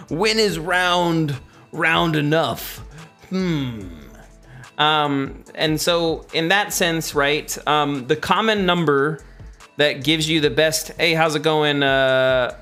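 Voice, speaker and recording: A man's voice: fairly high pitch, slow pace, pushed and bright, soft background music. A man casually chatting on a livestream while building a game, rambling and answering viewer questions. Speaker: game developer streaming live.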